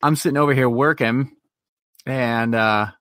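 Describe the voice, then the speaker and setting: A man's voice: mid-range voice, fairly even intonation, unhurried, fairly bright tone, dry recording, studio quality. A man co-hosting a podcast, telling a long, profane story in casual chat. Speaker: podcast co-host.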